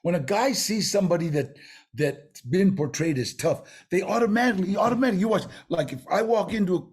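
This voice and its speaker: A man with a raised, husky voice tells stories to an interviewer. He rambles and restarts, slipping into streetwise slang as he goes. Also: high-pitched, fast talker. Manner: rambling, animated storyteller with many restarts. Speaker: guest. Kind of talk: casual storytelling in an interview.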